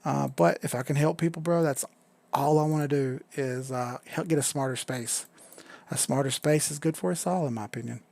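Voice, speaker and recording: A man's voice: mid-range voice, normal speed, vocal fry, darkish tone, dry recording. A man hosting a crypto live stream, talking casually and rambling while he charts, swearing now and then and reading out chat. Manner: laid-back, rambling, swears casually, reads chat aloud.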